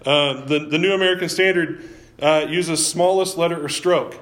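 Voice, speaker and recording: Pastor, male, slightly high voice, chatty sermon delivery with frequent restarts, echoey church room. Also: moderate pace, a bit bright. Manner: conversational, often restarts words, quizzes the congregation. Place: church sanctuary.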